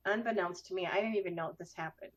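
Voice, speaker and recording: A woman's voice: fairly low pitch, fast. A woman hosting a casual chat show, telling a story and acting out the voices in it. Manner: animated storyteller, acts out quoted voices. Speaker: host. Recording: dull lo-fi sound.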